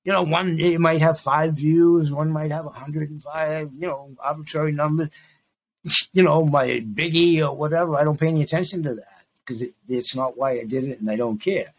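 A man's voice: on the high side, fairly even intonation, normal speed. A man in his sixties hosting his own podcast, talking in an emphatic, rambling monologue that repeats phrases for stress. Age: 60s. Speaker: podcast host. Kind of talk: casual monologue.

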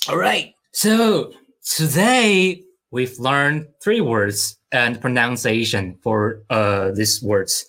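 A man gives a slow, unhurried pronunciation lesson, sounding out syllables again and again with patient care. His voice sits at an ordinary middle pitch, and soft guitar music plays faintly behind him. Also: lively intonation. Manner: patient, repeats sounds over and over in drills. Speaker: Mandarin pronunciation teacher.

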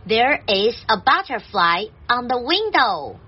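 High, lively woman teaching a children's story. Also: slow pace, dull audio. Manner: clear, gentle teaching delivery. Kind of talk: children's story translation and vocabulary lesson.

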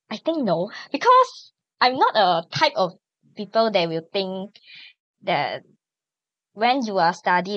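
A woman with a Malaysian English accent, a student talking in a casual podcast discussion, halting and tagging phrases with "lah". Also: medium pitch, fairly bright tone, no echo, rough recording.

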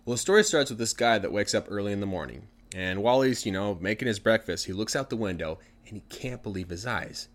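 A man retelling a story for language learners in an animated, conversational way. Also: lowish voice, fast talker, few pauses.

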